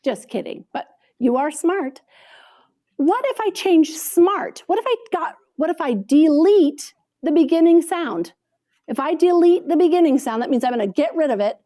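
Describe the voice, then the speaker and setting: Woman reading teacher, slightly high and warm, unhurried sound-by-sound phonics demo with steady praise. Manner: slow, drawn-out sounding out of words with frequent praise. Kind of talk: modeling a phonics lesson for kids. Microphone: video call.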